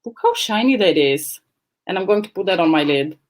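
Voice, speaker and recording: A woman's voice: on the low side, expressive, a little fast. A woman hosting a casual livestream from home, rambling and blunt, speaking into a laptop microphone. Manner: chatty, rambling, blunt and swearing. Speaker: livestream host. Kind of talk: casual chat. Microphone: laptop camera mic.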